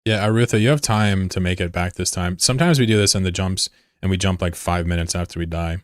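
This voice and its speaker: Low-voiced man chatting on a stream. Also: fast, clean tone, dry recording, studio quality. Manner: joking, rambling, profane. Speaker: streamer leading an online game fleet. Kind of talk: casual live-stream chat. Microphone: desk microphone.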